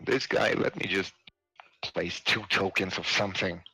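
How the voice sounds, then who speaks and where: A man acting as dungeon master, narrating a tabletop game with many pauses and fillers. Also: deep voice, fairly even intonation, gravelly, background noise. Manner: hesitant, many fillers, slow deliberate delivery.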